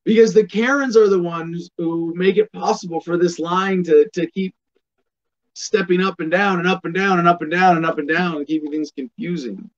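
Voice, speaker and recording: A man's voice: sits high, steady tone, normal speed, muffled recording. Sardonic male political commentator. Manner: sardonic, emphatic, reads text aloud. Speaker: host of a political commentary show. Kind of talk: opinionated commentary monologue.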